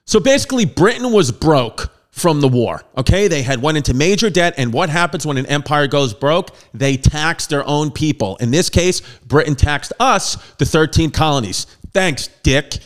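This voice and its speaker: Guy doing a comedy history bit, slightly high voice, bouncy and riffy. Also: normal speed, hardly any pauses. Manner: animated riffing with jokey asides. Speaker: comedian host.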